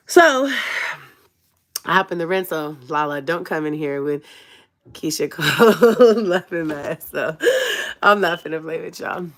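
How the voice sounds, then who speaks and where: A woman talking straight to her viewers, spinning a personal story. She is animated and slangy, full of asides, laughing often and dropping from hushed tones to loud bursts. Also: low-pitched, measured pace, long pauses. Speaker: vlogger.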